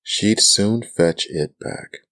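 A man voicing a curious, polite young girl in a whispered role-play, soft and earnest. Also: lowish voice, takes it slowly, no room sound, studio quality, voice pushed up. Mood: eager.

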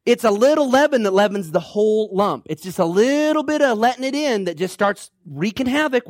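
A male preacher delivers an emphatic, rallying sermon. His voice sits high and leaps up and down with feeling. The sound is dry and close. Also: animated, fairly quick, hardly any pauses, dry recording. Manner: emphatic, exhorting, rallying with "come on now". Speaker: pastor.

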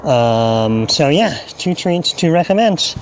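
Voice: medium pitch, lively intonation, slow, a little hiss or hum, low-quality recording. A person sending a recorded voice message to a podcast, hesitant with many ums and uhs.

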